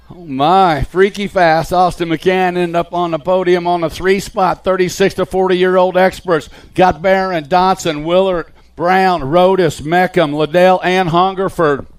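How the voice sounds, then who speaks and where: A man giving live BMX race commentary, calling riders and positions in an excited play-by-play. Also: sits high, clean tone. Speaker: race announcer.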